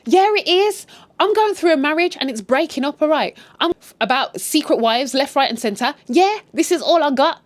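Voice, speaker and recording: A woman voicing a furious, betrayed middle-aged wife who shouts indignantly. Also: sits high, animated, moderate pace, voice pushed up.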